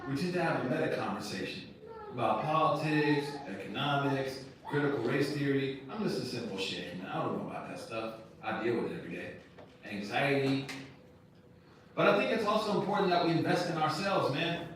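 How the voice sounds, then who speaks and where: A man's voice: medium pitch, a little fast, fairly bright tone, slight background noise. A man, an imam, giving a casual lecture to students, talking directly and conversationally with slang and rhetorical questions. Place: university lecture room. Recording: echoey room, picked up from a distance.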